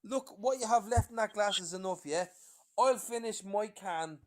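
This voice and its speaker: A man's voice: high voice, normal speed, poor audio. A man in his forties chatting casually on a live stream, swearing often and pushing a friend into drinking banter. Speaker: stream guest. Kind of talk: casual chat.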